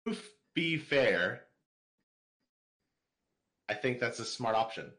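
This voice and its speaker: A man co-hosting a podcast, reading listener questions out loud. His mid-range voice moves with a lively, animated lilt, and he drops in dry little quips between questions. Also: mid-range voice, takes it slowly. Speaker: podcast co-host. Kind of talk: casual podcast chat.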